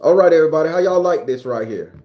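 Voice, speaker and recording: A man's voice: on the high side, lively intonation, fast talker, warm tone. A man hosting a casual live stream, talking loosely and profanely to his viewers. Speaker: spiritual live-stream host. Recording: roomy echo, faint music behind.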